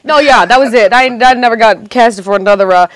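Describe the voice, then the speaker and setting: A young adult woman telling stories as a guest, animated and profane, acting out what other people said. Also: a little high, brisk, dry recording. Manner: lively, profane, acts out other people's lines. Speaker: reality TV contestant guest. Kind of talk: animated storytelling chat.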